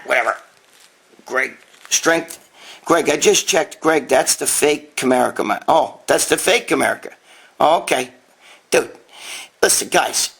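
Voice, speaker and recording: A man's voice: on the high side, gravelly, fairly bright tone, slightly rough. A man hosting a casual live Q&A from his dining room, talking bluntly and profanely into a handheld phone. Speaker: host.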